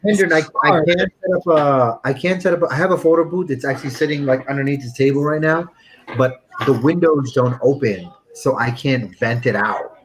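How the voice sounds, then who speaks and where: A man's voice: on the high side, a little fast, rough recording. Rambling man chatting on a stream. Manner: rambling, filler-heavy, restarts often. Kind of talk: casual chat on a video call.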